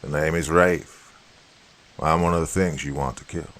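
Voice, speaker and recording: A man voicing a menacing, suave male creature who speaks slowly in a deep, measured voice. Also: steady tone, a bit bright. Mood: cold, smug. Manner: slow, low, measured delivery.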